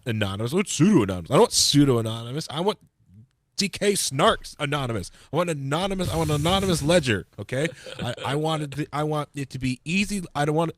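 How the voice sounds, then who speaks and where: A man's voice: fairly high pitch, no room sound, clean studio sound. A man co-hosting a casual political podcast, talking in a rambling way and getting worked up. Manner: rambling, gets worked up and loud. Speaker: podcast co-host.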